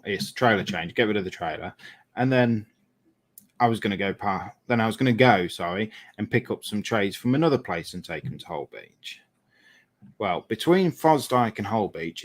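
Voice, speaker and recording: Lorry driver guy, lowish voice, rambles on and keeps correcting himself while painting models. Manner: rambling storyteller who often corrects himself.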